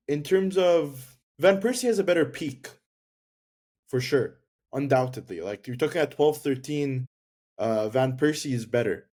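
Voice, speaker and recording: A man with a warm, mellow voice at an ordinary pitch argues football on a casual podcast. He cuts in with blunt, dismissive replies and defends his players at length. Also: a little slow. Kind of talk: casual sports debate.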